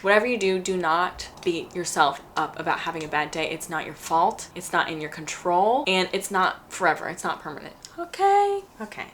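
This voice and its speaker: Young female creator, casual at-home chat, warm-hearted pep talk, emphatic repetition, a touch low-pitched. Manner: earnest and encouraging, repeats phrases for emphasis. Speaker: lifestyle creator answering viewer questions. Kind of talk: casual advice chat while coloring. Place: hot room at home.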